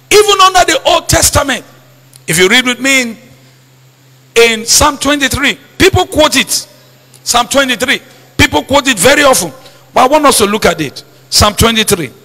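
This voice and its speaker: A man's voice: high voice, sharp tone, breathy edge, long reverb tail. A man preaching a sermon as pastor, stressing points and asking the congregation to repeat his lines back. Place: church.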